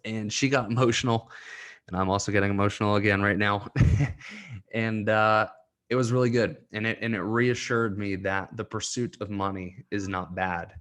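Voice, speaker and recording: Earnest young man, low voice. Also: fairly even intonation, moderate pace, a bit bright. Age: young adult. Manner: earnest, gets choked up, laughs through tears. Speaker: podcast host and coach. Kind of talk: solo podcast talk.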